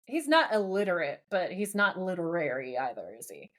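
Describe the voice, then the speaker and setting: A woman co-hosting a podcast, casually recapping a TV episode and acting out the characters' lines with lively energy. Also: lowish voice, moderate pace. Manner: animated storyteller who acts out the characters' lines. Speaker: podcast co-host.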